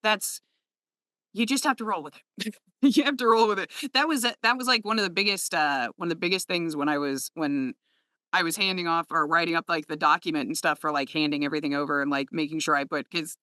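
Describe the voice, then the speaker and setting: A woman's voice: low voice, a little fast, pushed and bright, dry recording, clean studio sound. A woman audiobook narrator hosting a casual chat, laughing often and slipping into quoted speech.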